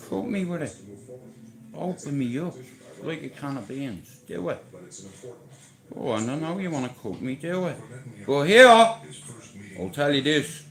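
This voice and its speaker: An Irish man holds forth on a livestream in a combative, taunting rant. He boasts loudly, swears freely and dares his rival to do something about it. His voice sits at an ordinary middle pitch for a man. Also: expressive, moderate pace, gravelly, pauses often, low-quality recording. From Ireland. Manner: challenges his target directly.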